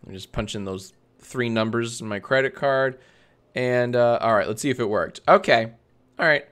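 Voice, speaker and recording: A male streamer chatting casually on a live stream, reading out viewer comments between loose, rambling asides. He swears freely and keeps cracking up, with an ordinary mid-pitched voice. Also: moderate pace, fairly bright tone. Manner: swears freely, breaks into laughter, rambling restarts. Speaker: livestream host.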